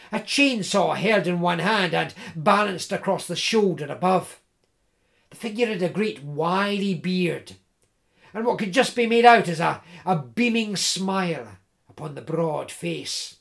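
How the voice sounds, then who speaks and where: A man narrating a story in a measured way, with small restarts. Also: high-pitched, creaky.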